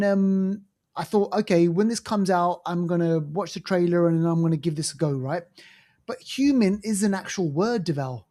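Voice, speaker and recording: A man's voice: sits high, darkish tone. A man co-hosting a podcast, reviewing movies in a casual, enthusiastic, rambling way with lots of fillers and restarts. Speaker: podcast co-host.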